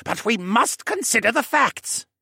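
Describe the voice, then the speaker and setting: A man voicing a formal, cautious old male koala archivist who speaks in a precise, placating way in a raised, husky voice. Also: extremely high pitch, sing-song, measured pace, sharp tone, no echo, studio quality, voice pushed up, full character voice. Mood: urgent.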